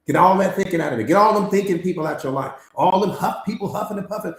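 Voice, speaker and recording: A man's voice: sits high, fast. A man coaching on mindset in a live class, emphatic and repetitive, slangy, firing off rhetorical questions. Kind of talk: live-streamed motivational master class. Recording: echoey room.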